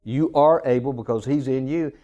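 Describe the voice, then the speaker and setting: A man preaching a sermon, emphatic, with dramatic pauses and big swings in pitch. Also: mellow, dull audio. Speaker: pastor.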